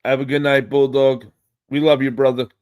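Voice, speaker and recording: A man with a New York accent hosting a casual live stream, excitable and swearing freely as he greets viewers. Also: mid-range voice, moderate pace, smooth.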